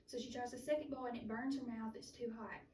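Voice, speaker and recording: A woman's voice: on the high side, steady tone, quick pace, a little mellow. A young woman giving a speech in which she retells a children's story in a chatty, loose way. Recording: roomy, distant mic with faint noise.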